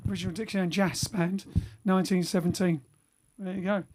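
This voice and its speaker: Speaking in a level tone, a man with a high, slightly mellow voice talks a little fast while hosting a lockdown livestream for his band at home. He reads viewer comments and rambles casually, with many fillers and restarts.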